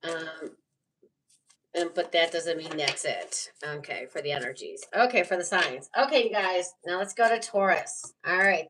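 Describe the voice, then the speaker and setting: A woman's voice: fairly low pitch, moderate pace, fairly bright tone, distant mic, slight background noise, rough recording. A woman giving a casual live tarot reading, rambling and chatty with lots of fillers and frequent laughs. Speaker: tarot reader.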